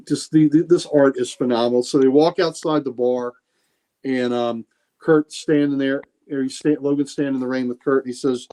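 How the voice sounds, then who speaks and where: A man's voice: medium pitch, steady tone, normal speed, mellow. A man co-hosting a casual podcast, retelling comic scenes with many restarts and fillers. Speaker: podcast co-host.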